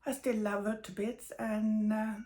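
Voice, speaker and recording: A middle-aged woman telling a personal story of loss, tired and emotional, speaking haltingly with many pauses. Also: mid-range voice, level tone, mellow. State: tired and grieving. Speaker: medium sharing personal news.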